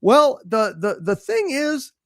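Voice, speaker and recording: A man's voice: extremely high pitch, big pitch swings, takes it slowly, no room sound, studio quality. A man hosting a casual live stream, reading out viewer messages with mock-grand salutes in a loose, rambling way. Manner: loose and rambling, many fillers. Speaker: show host reading viewer super chats.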